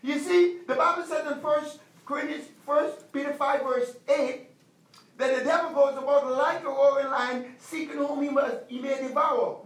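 A male pastor preaching a sermon, emphatic, repeating commands and slowing down to stress them. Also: extremely high pitch, steady tone, fairly bright tone, reverberant, distant mic, poor audio.

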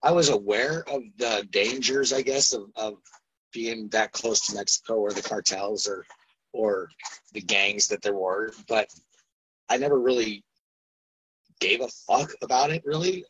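A man from Phoenix, a guest on the podcast, talking in a relaxed, casual way and saying "dude" a lot. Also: lowish voice, a little slow, husky, no room sound, poor audio. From Phoenix, Arizona. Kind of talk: casual chat. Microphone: remote call.

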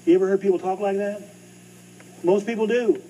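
A middle-aged man preaching a sermon as pastor, swinging between loud bursts and hushed asides. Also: high-pitched, steady tone, a little fast, lo-fi sound. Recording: distant mic with faint hum.

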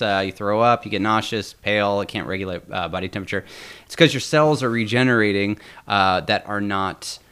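A man's voice: lowish voice, a bit bright, smooth. A young man co-hosting a podcast in loose, casual chat, rambling, joking and slipping into mock voices. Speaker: podcast co-host.

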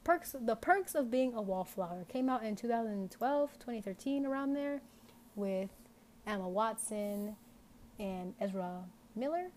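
A woman's voice: fairly high pitch, expressive, measured pace, a little mellow, slight background noise. A young woman hosting an unscripted podcast, talking casually and rambling with many fillers. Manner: rambling, lots of "like" fillers, candid. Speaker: podcast host.

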